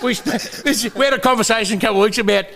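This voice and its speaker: A man's voice: very high-pitched, fast, creaky, crowd noise. An Australian man casually telling rambling stories, swearing a lot and acting out what people said. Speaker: podcast co-host. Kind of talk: casual storytelling chat.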